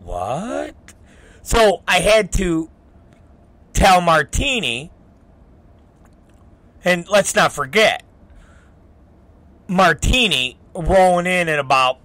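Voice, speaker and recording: A man hosting a talk show, telling a profane story in animated, rambling fashion and acting out both sides of arguments. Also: high-pitched, no room sound. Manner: animated, profane, quotes people in quick back-and-forth. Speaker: podcast host.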